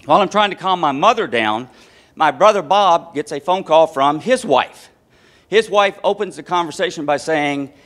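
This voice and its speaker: A man's voice: on the high side, very animated, normal speed, fairly bright tone. A man giving a business presentation, explaining his points through a family anecdote and laying them out in numbered steps. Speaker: conference speaker.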